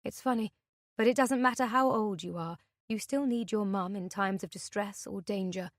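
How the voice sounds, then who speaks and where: A woman's voice: medium pitch, normal speed, dry recording, clean studio sound. Woman narrating a tense thriller. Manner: tense first-person storytelling. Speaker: audiobook narrator. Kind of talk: scripted narration.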